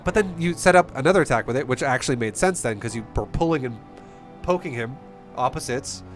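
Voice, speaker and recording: A man's voice: mid-range voice, lively intonation, a little fast, faint music behind. A young man giving blunt, profane, rambling coaching on a game. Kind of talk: casual game coaching commentary.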